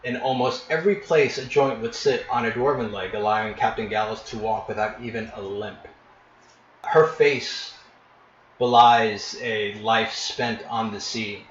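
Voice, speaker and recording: A man narrating as game master, painting scenes in vivid detail with frequent pauses and restarts. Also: on the low side, fairly even intonation, a little hiss or hum. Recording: echoey, dull lo-fi room recording.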